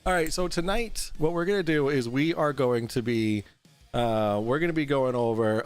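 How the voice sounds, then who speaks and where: A male host of a casual livestream talk show, drinking as he goes. He rambles, restarts his sentences, swears freely and keeps answering his chat. His voice sits at an ordinary middle pitch. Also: normal speed, faint music behind. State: drinking on air.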